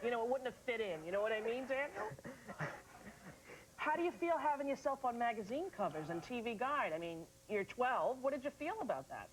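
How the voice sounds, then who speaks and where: A middle-aged woman hosting a studio talk show, playful and animated, slipping into silly voices. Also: a little high, fairly quick, noisy background.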